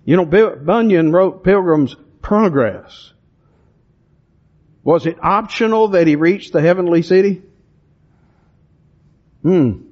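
Preaching an expository sermon from the pulpit, a man with a slightly high voice for a man reads verses slowly, leaning hard on single words, then shifts into plain, direct talk with his listeners. He is animated, and the recording sounds dull and lo-fi.

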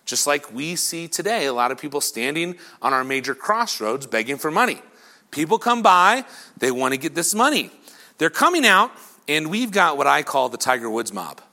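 A middle-aged man preaching a sermon, telling the story in an animated way and acting out crowd voices and whispers. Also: fairly high pitch, moderate pace. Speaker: pastor.

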